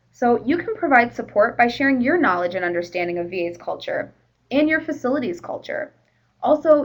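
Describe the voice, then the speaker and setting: Woman, training presenter, slightly high voice, conversational, explanatory. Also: muffled recording. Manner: conversational, explanatory, with fillers like "you know".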